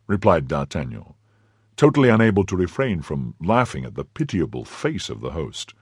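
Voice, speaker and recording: Husky, expressive male audiobook narrator. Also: rumbling low, a little fast, no room sound, studio quality. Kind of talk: scripted narration.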